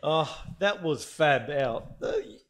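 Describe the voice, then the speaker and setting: Gravelly, lively co-host. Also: male voice, fairly high pitch, slow pace. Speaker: podcast co-host. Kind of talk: casual chat.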